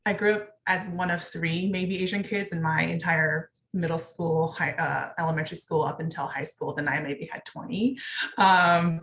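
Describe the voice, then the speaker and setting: A woman's voice: lowish voice, sharp tone, roomy sound. A young woman from Texas, a veterinarian speaking candidly on a panel, with lots of fillers. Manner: candid, conversational, many fillers. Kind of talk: panel discussion, personal account.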